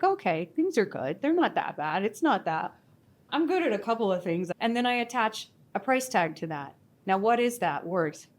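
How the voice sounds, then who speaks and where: An animated woman on a live panel, swinging her voice up and down as she acts out her own inner voice. She talks with warmth and humor about herself, at a community event. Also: mid-range voice.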